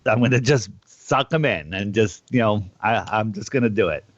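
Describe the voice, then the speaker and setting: A man hosting a call-in radio show, rambling casually with lots of restarts and drawn-out words. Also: on the low side, dry recording. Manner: rambling, restarts often, stretches words out slowly. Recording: dull lo-fi sound.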